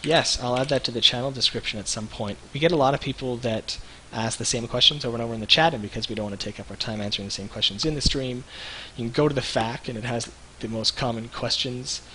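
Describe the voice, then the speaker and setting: A man in his thirties, co-hosting a livestream, telling rambling animated stories with lots of restarts. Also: mid-range voice, quick pace, few pauses, a little hiss or hum, poor audio. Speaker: web show co-host. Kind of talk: casual livestream chat.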